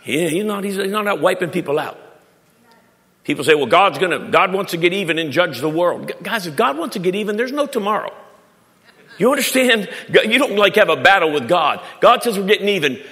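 A man preaching a sermon as pastor, animated, with stammered restarts and sudden loud climbs in pitch. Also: fairly quick. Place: church auditorium. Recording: long reverb of a large hall.

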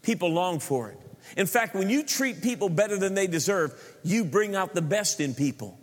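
A man's voice: sits high, expressive, moderate pace. A middle-aged male preacher giving a joking sermon, often repeating words as he builds his points to a congregation. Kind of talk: sermon with humor. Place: large church hall. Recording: long hall reverb.

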